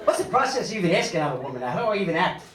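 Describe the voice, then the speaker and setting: A man, doing a stand-up comedy set on a club stage with animated storytelling and big pitch swings for punchlines. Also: rapid-fire. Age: 50s. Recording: echoey club audio, mic a bit distant, loud crowd laughter.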